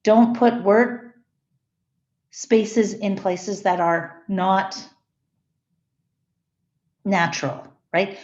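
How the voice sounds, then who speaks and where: A woman's voice: medium pitch, drawn-out words, pauses often, darkish tone. A woman lecturing a class, explaining ideas step by step and often restarting or correcting her wording. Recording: echoey room, slightly dull sound.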